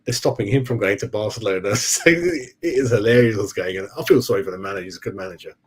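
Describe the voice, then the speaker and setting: A man's voice: lowish voice, quick pace. A man hosting a casual football fan live stream, rambling and chatty, calling viewers "mate" and forgetting names. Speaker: football fan channel host.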